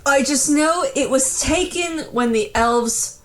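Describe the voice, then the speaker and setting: A woman playing a tabletop role-playing game, speaking in character in a measured, formal way. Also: sits high, fairly bright tone, low-quality recording.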